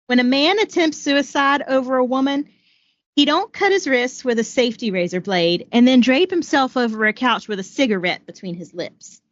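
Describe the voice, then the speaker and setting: A woman's voice: high voice, lively intonation, normal speed, no echo, lo-fi sound, voice pushed up. A woman with a Southern voice putting on a Brooklyn accent to play a blunt, scornful 1920s film starlet. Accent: Brooklyn, attempted. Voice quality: put-on accent over a Southern voice.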